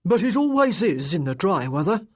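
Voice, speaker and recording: A woman voicing an elderly, respectable manservant who answers politely and deferentially, raising her pitch for him. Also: big pitch swings, normal speed, a little mellow, breathy edge, dry recording, studio quality.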